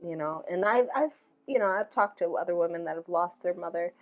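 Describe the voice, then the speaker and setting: A woman in her thirties hosting a podcast, telling personal stories in a relaxed, reflective way, full of filler phrases. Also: fairly low pitch, brisk, dull audio, soft background music. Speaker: podcast host. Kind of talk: casual heartfelt conversation.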